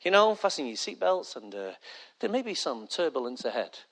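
A man putting on the voice of a calm male airline captain, soft and reassuring, during a sermon. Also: a little high, fairly quick, pitched below the performer's own voice, full character voice, poor audio. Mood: soothing.

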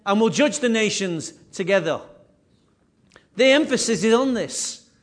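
High-voiced man preaching emphatically. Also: lively intonation, a little slow. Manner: emphatic preaching with repeated phrases and swings in loudness. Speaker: pastor. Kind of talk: sermon.

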